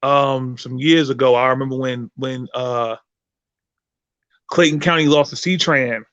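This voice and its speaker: A man hosting a podcast, telling a story in a profane, animated way with many restarts. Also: mid-range voice, measured pace, no room sound, highs cut off. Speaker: podcast host and performer. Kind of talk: casual chat, storytelling.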